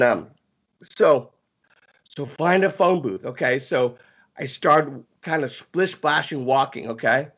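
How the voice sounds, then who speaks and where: A man telling a long story in casual talk, animated and often stammering as he restarts his sentences. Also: a little high, muffled recording.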